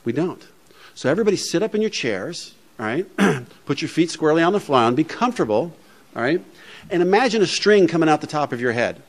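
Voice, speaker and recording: A man's voice: fairly high pitch, very animated, a little fast. A man speaking to a recovery meeting in a plainspoken, humorous, conversational way, often saying "you know". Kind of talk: speech to a meeting. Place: meeting room before an audience.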